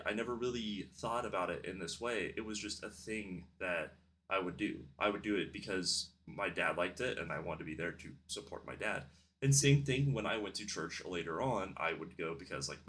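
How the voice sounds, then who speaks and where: A young man with a very deep, low-pitched voice muses aloud in a personal vlog. He rambles thoughtfully, circling back with fillers and restarts as he works through his ideas. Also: fairly bright tone. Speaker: vlogger. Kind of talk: reflective personal monologue.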